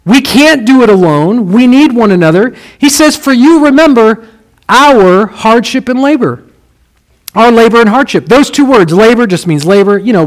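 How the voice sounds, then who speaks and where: Guy preaching, kinda high voice, gets quiet and low on the big words. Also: low-quality recording. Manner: expressive preaching, drops low and soft for emphasis. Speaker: pastor. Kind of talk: sermon.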